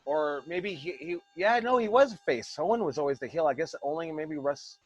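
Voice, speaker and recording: A man with a voice pitched a little high runs an online wrestling class over a video call. He talks in long passionate rambles, swearing freely as he lectures his students on discipline. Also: expressive, normal speed, husky, dull audio, soft background music. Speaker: wrestling school head coach. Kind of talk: casual online class talk.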